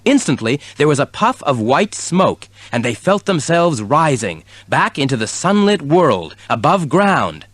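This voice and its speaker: A man narrating a children's story at a slow, measured pace. His voice rises and falls with lively expression, and the sound is close and dry. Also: fairly high pitch, dry recording. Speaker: audiobook reader.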